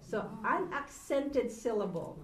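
A woman's voice: a little high, expressive, slow. A woman teaching a Hebrew grammar lesson to a class, patient and asking the students questions. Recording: roomy, from far off, faint noise.

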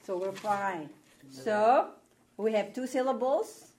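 A woman teaches a Hebrew reading class in a medium-pitched, darkish voice, speaking slowly. She's patient, regularly asking "okay?" to make sure her students are following along.

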